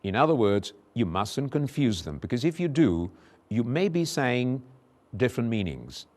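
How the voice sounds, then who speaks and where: A man teaching English pronunciation in a recorded lesson, slowly repeating example words with careful articulation. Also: medium pitch, very animated, a little mellow.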